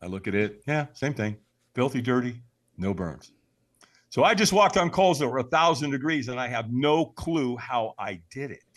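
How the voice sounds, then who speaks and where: A man appearing as a podcast guest tells a personal story with animation, acting out the voices he quotes and sometimes shouting them. His voice is mid-range and his pace moderate.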